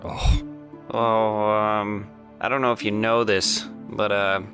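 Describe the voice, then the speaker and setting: A man's voice: fairly low pitch, flat delivery, takes it slowly, fairly bright tone, soft background music. A man playing a tabletop game, casual and often stammering. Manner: hesitant, stammering. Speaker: player.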